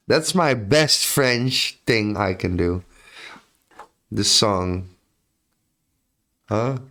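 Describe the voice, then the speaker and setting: A European man talks to his stream chat at a slow, unhurried pace. His pitch sits in a plain middle range. He jokes around and draws out his phrases. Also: fairly bright tone. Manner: laid-back, joking, drawls phrases, mock French.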